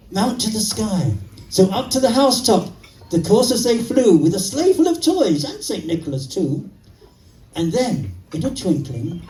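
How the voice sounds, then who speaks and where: A man's voice: sits high, warm tone, recorded from a distance. A man playing Father Christmas, reciting a Christmas poem and leading carols for children in a theatrical, sing-song way. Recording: echoey room.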